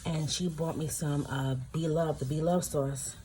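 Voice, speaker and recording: A woman's voice: low-pitched, steady tone, measured pace, mellow, slight background noise, low-quality recording. A woman filming a casual food-tasting vlog at home, chatty and emotional, exclaiming over what she eats. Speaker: vlogger. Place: home, in pajamas.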